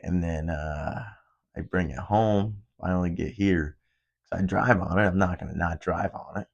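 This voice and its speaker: Young guy on a podcast, low gravelly voice, swears a ton, just rambling. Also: normal speed, highs cut off. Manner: profane, loose storytelling. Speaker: podcast host. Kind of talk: casual rambling monologue.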